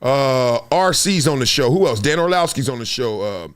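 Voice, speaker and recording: A middle-aged man hosting a sports talk show, telling stories in an animated monologue and acting out quotes and sound effects. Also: mid-range voice, moderate pace, smooth. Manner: lively storytelling, acts out quotes and sound effects. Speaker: show host, former NFL player.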